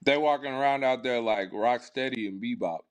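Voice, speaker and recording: Blunt mocking man, casual chat. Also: moderate pace. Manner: blunt, mocking, jumps into high put-on voices. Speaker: co-host.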